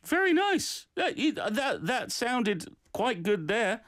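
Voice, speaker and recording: A man's voice: very high voice, very animated, slow, a bit bright, no room sound, studio quality. A man teaching a daily Korean phrase and giving encouraging feedback on listeners' recordings. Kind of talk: casual language lesson.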